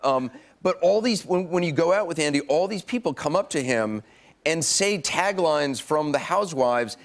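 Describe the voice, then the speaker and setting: A man's voice: fairly high pitch, expressive, normal speed. Dry, wry middle-aged man telling stories. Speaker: guest. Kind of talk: late-night talk show chat.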